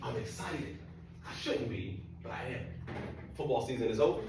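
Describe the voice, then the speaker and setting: A man's voice: mid-range voice, expressive, normal speed, vocal fry, background noise. A man telling a funny, self-mocking story to an audience and talking to the crowd directly. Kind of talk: humorous storytelling talk. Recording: echoey hall from far off.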